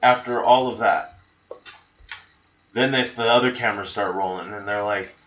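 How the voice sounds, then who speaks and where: A man's voice: fairly low pitch, moderate pace, highs cut off. A man telling a story in casual podcast chat, acting out the people in it. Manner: animated storyteller, acts out voices in his stories.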